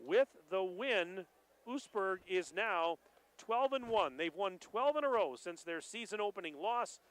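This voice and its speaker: A man doing live play-by-play for a high school basketball game, excited and rising to shouts at the big plays. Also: a little slow, rough recording. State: out of breath. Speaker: play-by-play announcer.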